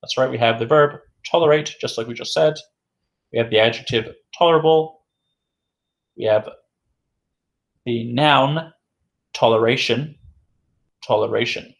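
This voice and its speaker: A man teaching an English vocabulary lesson at a middle pitch, saying each new word two or three times. He asks the class a question and answers it himself. His delivery is slow, deliberate and patient. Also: vocal fry.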